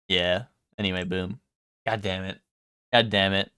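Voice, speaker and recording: A young man streaming live and chatting casually with his viewers, rambling, swearing freely and filling pauses with "um". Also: deep voice, fairly even intonation, gravelly, bright, forceful tone, smooth, no echo, clean studio sound. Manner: rambling, swears a lot, full of ums.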